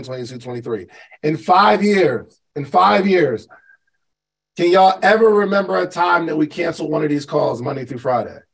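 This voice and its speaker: A man's voice: on the high side, gravelly, rough recording. A man hosting a live call, giving a conversational motivational talk as a business coach and putting questions to his listeners. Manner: conversational, asks the listeners questions, repeats for emphasis.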